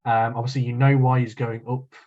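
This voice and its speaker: A man's voice: medium pitch, little pitch movement, a little fast. Laughing man, lo-fi sound. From English Midlands. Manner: laughs often, swears casually. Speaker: podcast co-host. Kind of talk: casual chat. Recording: dull lo-fi recording.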